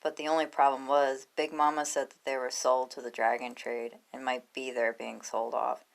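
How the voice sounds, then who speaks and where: A woman reading a fan fiction story aloud in plain, steady narration. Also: extremely low pitch, moderate pace, gravelly.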